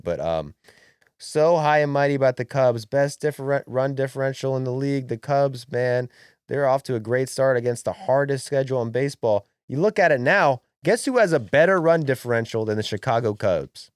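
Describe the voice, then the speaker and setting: A young man co-hosting a podcast in casual sports chat, brash and animated, swearing freely. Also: medium pitch, smooth, no echo, clean studio sound. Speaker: podcast co-host.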